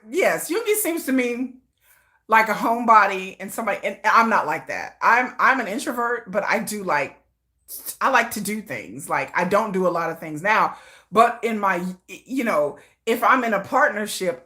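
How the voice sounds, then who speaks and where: A woman hosting a casual livestream, chatty and high-energy, who laughs often and acts out playful scenes. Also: lively intonation, normal speed, bright, forceful tone. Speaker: livestream host.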